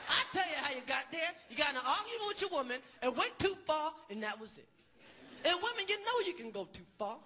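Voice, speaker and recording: A male stand-up comedian performing a loud, profane routine that breaks into shouted bursts. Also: extremely high pitch, sing-song, fast talker. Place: comedy stage before live audience. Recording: live show with roaring crowd and noise.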